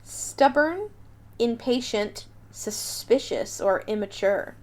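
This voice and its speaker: A woman hosting a casual personality quiz, playful and quick to laugh, reading options off a list. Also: on the high side, animated, darkish tone. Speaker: host running a personality quiz. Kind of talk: casual chat.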